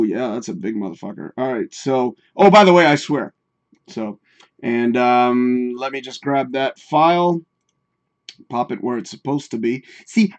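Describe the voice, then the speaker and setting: A man hosting a live stream, chatting casually and cursing while he fiddles with his setup and talks to himself. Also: mid-range voice. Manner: profane, rambling, talks to himself while working. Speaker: livestream host.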